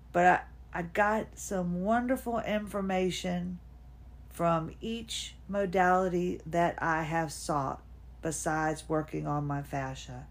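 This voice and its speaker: A woman in her fifties talks at home in an unscripted personal monologue. Her voice sits a little low. She wanders between thoughts and sometimes coaches herself aloud. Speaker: podcast host. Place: at home, seated.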